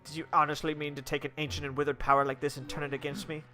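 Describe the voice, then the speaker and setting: A man's voice: a little high, flat delivery, rapid-fire, sharp tone. Pompous villain king, menacing and grand, put on by a male gamer, music bed.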